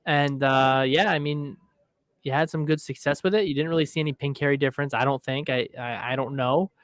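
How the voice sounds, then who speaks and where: A man co-hosting a casual bowling podcast, joking and sarcastic, with halting restarts. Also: mid-range voice, no echo, poor audio. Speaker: podcast co-host.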